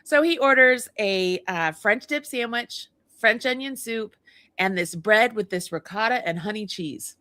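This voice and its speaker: A middle-aged woman co-hosting a casual chat show, telling a story in an animated way, acting out the dialogue and laughing often. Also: medium pitch, unhurried, dry recording. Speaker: co-host.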